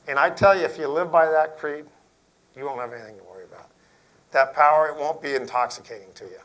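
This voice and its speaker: A man's voice: a little high, quick pace, low-quality recording. Earnest folksy middle-aged man. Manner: folksy, earnest, drops to a hushed tone for emphasis. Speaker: Air Force general giving a talk. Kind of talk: storytelling talk to school principals.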